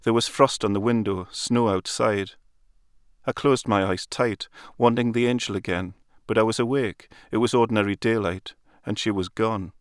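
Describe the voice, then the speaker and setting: A man reading a literary story aloud in a calm, measured storytelling manner. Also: fairly low pitch, no echo, studio quality. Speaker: narrator. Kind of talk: literary audiobook narration.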